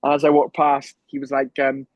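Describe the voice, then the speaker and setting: A man's voice: medium pitch, completely flat delivery, moderate pace, no room sound, highs cut off. A Welsh man from Wales, a professional fighter telling rambling stories full of ums in a casual interview. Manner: rambling anecdotes with frequent ums.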